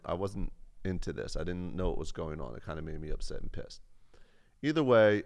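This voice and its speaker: A man's voice: sits low, clean tone. A man on a livestream telling a rambling, profane, self-mocking story from his past.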